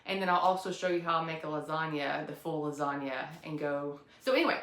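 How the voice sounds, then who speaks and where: A woman's voice: low-pitched, a little fast, a bit bright, echoey room. A woman hosting a cooking vlog, chatty and upbeat, talking through her plan in a casual way. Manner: chatty, self-deprecating, upbeat. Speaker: cooking channel host.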